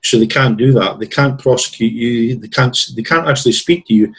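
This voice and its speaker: A man's voice: mid-range voice, fairly quick, husky, poor audio. A male guest on a talk show telling long, rambling stories and acting out what other people said to him. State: tickly throat with coughs. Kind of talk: storytelling in a conversation.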